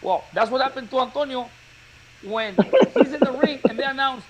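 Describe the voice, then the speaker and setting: A boxing coach telling a story in casual chat, acting out the quotes with energy. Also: male voice, very high voice, brisk, a crowd in the background, rough recording. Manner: animated storyteller, acts out quotes.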